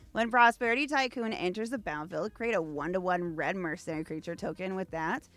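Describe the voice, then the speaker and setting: A woman's voice: mid-range voice, bright, forceful tone, smooth, no echo. A woman hosting a casual unboxing video, reading card text aloud between gushing asides. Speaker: VTuber host.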